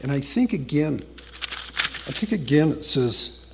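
A man's voice: on the high side, big pitch swings, measured pace, noisy background. A man preaching a conversational sermon, earnestly telling a scripture story and reading verses aloud with emphasis.

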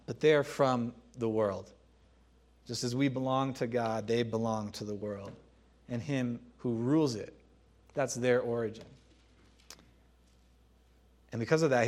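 A man preaching a sermon in a conversational, emphatic way, repeating key phrases and pausing to clear his throat. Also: medium pitch. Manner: laughs and clears throat between points.

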